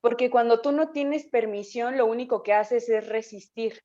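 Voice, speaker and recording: A woman's voice: on the high side, a little fast. Woman interpreting over muffled call audio. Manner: relaxed, with hesitations and self-corrections. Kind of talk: live consecutive interpreting.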